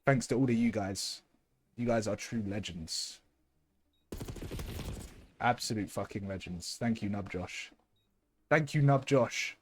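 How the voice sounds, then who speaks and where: A young man, casting a live esports match with lots of energy, who is losing his voice from shouting. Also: lowish voice, measured pace, long pauses, slight background noise. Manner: excitable, shouting thanks to viewers. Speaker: streamer and match caster.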